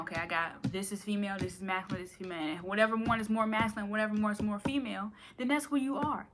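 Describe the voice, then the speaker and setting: A woman's voice: mid-range voice, fairly even intonation, fast, few pauses, a bit bright, a little hiss or hum. A woman giving a casual tarot reading, playful and rambling, with slangy asides and frequent laughter. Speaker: tarot reader.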